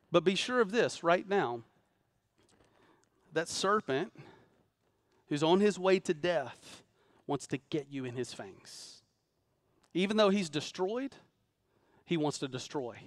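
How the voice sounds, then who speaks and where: A man preaching a sermon to a congregation, swinging between loud urgent calls for response and low, quiet emphasis. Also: dry recording, studio quality. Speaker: pastor. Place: church sanctuary before a congregation.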